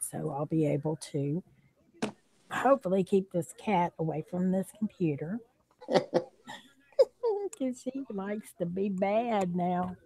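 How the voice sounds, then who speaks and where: Her voice is fairly low-pitched with a dark tone. She's a livestream host with a Southern accent, chatting casually from home in a loose drawl and laughing often.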